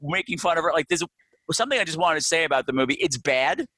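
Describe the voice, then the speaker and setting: A man's voice: fairly high pitch, animated, quick pace, bright, forceful tone, no room sound. Campy guy joking about a cheesy movie, bouncy voice, very dry sound. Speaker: podcast co-host. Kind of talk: casual movie review chat.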